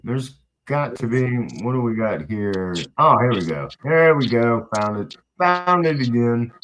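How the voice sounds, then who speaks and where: A man's voice: medium pitch, lively intonation, measured pace, a bit bright, rough recording. A man hosting a casual live stream, talking in an easygoing way with lots of fillers. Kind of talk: casual chat.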